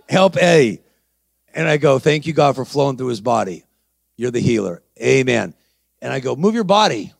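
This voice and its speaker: A man's voice: medium pitch, animated, moderate pace, vocal fry, no room sound. A man preaching a sermon, acting out dialogue in his story and calling out to the congregation. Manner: acts out dialogue, calls to the crowd.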